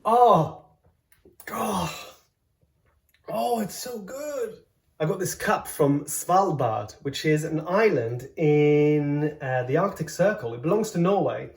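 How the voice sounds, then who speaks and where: A man hosting a casual cooking vlog from his home kitchen, joking around and exclaiming loudly as he tastes. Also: a little high, lively intonation, slow. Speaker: host, comedian cooking at home. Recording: roomy kitchen sound. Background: faint background music.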